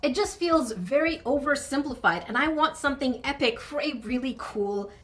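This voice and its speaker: Brief: woman vlogger, fairly high, bright tone, chatty and playful unboxing. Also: lively intonation, moderate pace. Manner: chatty, playful, mock-indignant. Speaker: miniature crafting vlogger. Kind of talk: unboxing voice-over.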